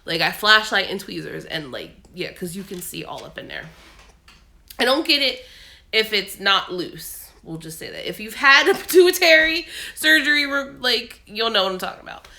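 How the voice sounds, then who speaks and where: A woman's voice: medium pitch, lively intonation, moderate pace, pushed and bright. A woman vlogging casually at home, sick with a cold and her voice coming and going, telling a long rambling story full of fillers. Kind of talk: casual chat.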